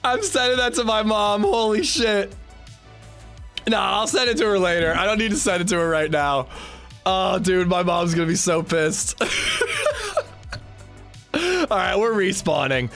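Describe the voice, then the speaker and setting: A man streaming a game live, chatting casually with viewers, swearing freely and breaking into loud laughs. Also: high voice, big pitch swings, moderate pace, vocal fry, faint music behind. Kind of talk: casual livestream chat while gaming.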